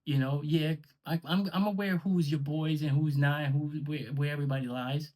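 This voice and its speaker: A man's voice: a little high, steady tone, normal speed, darkish tone. A man delivering a confrontational, sarcastic and profane callout rant to the camera about a league he runs. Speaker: online league owner.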